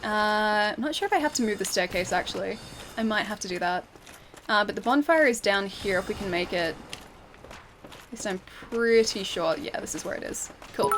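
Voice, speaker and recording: A woman's voice: fairly high pitch, slight background noise. A young woman chatting casually with her viewers while streaming a game, rambling with fillers. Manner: chatty, rambling, answers chat with fillers and laughs. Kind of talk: casual gaming stream chat.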